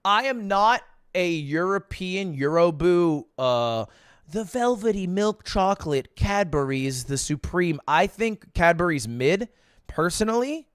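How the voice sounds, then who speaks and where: Animated American streamer, dry close sound. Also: male voice, high-pitched, measured pace, clean tone, dry recording. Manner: animated, jokey, swings into loud outbursts. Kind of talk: casual livestream chat.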